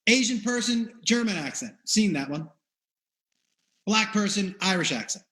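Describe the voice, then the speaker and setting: A man with a high, bright voice runs a comedy panel game. He sounds upbeat and chuckles often as he reads out the options and hands out points. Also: animated, moderate pace. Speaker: game show host. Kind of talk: hosting a comedy panel game over video.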